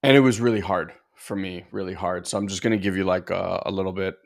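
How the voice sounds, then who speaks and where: Low, gravelly-voiced man telling a story. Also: fairly even intonation, fast talker. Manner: reflective, earnest, with many filler words. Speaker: podcast co-host and father. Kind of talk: casual conversational storytelling.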